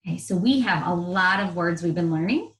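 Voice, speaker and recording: A woman's voice: lowish voice, animated, fairly quick. A woman teaching first-grade reading, upbeat and encouraging, drawing out sounds for young children. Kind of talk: broadcast classroom lesson to children. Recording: roomy echo.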